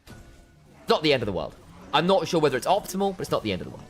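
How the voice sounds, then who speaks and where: A man casting a live esports match, breaking down item choices in detail, chatting with viewers and breaking into excited shouts during fights. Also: fairly high pitch, quick pace, soft background music. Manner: analytical, chatty with viewers, bursts of excitement on plays. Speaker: esports caster.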